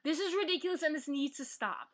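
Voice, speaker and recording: A woman's voice: high-pitched, expressive, fast talker, a bit bright. Frustrated young American woman ranting. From United States. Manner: blunt and swearing, frustrated, restarts often. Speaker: vlogger. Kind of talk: heated political rant. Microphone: built-in computer mic.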